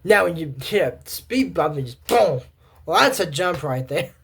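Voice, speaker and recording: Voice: medium pitch, animated, normal speed, gravelly, breathy edge. A young adult giving casual, rambling commentary on a cartoon episode, full of asides and restarts.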